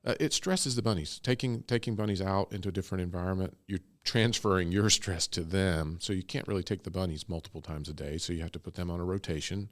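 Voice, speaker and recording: This guest, a co-founder of a bunny ministry, talks fast and barely pauses in a low-sitting voice. Throughout the casual interview he's rambling and enthusiastic, breaking into laughter.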